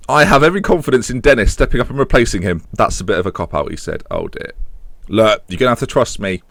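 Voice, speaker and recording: A young British man talks through a management game in a low voice, close to the mic in a dry room. He rambles casually and mocks his own choices. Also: a bit bright, no room sound. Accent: British English. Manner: self-mocking, chatty, puts on silly high voices for imagined characters. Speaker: gaming YouTuber.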